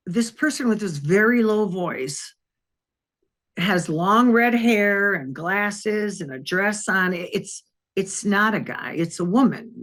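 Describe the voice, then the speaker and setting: A former police detective from Wisconsin, USA, now an older woman with a medium-pitched voice, shares police anecdotes as an interview guest. Her storytelling rambles conversationally, full of fillers and frequent restarts.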